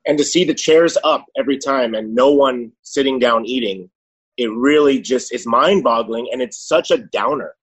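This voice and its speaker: A man's voice: medium pitch, moderate pace, slightly rough, rough recording. A man who owns a restaurant, chatting casually as a podcast guest over a video call. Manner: chatty, laughs while telling stories. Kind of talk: casual chat.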